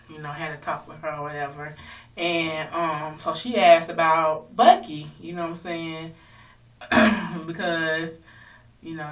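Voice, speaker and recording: A woman casually recapping a reality show episode, loose and rambling with lots of fillers and swearing. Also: low-pitched. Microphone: phone. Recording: distant phone recording.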